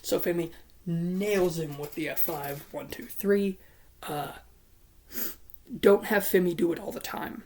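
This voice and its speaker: A casual voice walks through imagined wrestling matches blow by blow, in a middle pitch. The talk is blunt and swears freely, with a playful edge. It is an informal solo commentary. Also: measured pace, pauses often, a little mellow, a little hiss or hum. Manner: storytelling narration of imagined matches.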